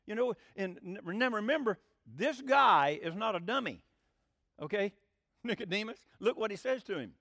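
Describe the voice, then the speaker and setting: A man's voice: high voice, big pitch swings, normal speed, a bit bright, dry recording, clean studio sound. A middle-aged man, a pastor teaching a Bible lesson in an emphatic sermon style and asking the congregation questions.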